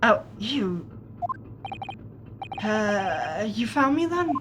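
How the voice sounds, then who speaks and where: A woman's voice: mid-range voice, very animated, drawn-out words, background noise. A young woman playing a video game with a friend, reacting in a playful, joking way. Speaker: game streamer. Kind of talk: casual let's play commentary.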